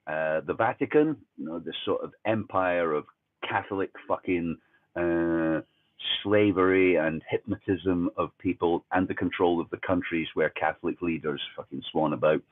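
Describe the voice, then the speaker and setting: A man's voice: deep voice, moderate pace, no echo. A man from Fife with a Fife Scottish accent, delivering a sardonic, profane ranting monologue as a commentary host. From Fife, Scotland. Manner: sardonic, profane, conspiratorial asides. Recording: tinny phone-like dry sound.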